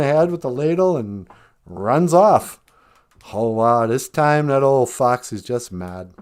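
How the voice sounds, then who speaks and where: A man's voice: medium pitch, animated, a little slow, darkish tone. A man retelling a traditional tale on a podcast in a casual, chatty way, with joking asides. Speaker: podcast storyteller. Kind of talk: casual storytelling.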